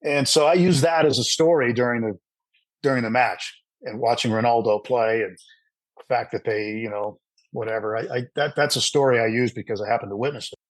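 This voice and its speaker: A middle-aged man, a sports broadcaster, telling a long anecdote in an interview with lively asides and frequent fillers. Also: medium pitch, brisk, no echo, rough recording. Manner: animated anecdotal storyteller with fillers. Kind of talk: storytelling in an interview.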